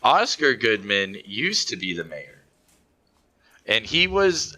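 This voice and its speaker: A man's voice: lowish voice, takes it slowly. A man co-hosting a podcast, chatting casually and playfully teasing his friends. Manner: playful, teasing, acts out others' excitement. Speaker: podcast co-host. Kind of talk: casual chat.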